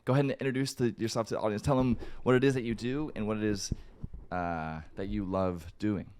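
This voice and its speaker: A man's voice: fairly low pitch, fairly even intonation, brisk, a little mellow, a little hiss or hum. A man hosting a casual podcast, talking in a loose, rambling, unsure way. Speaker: podcast host.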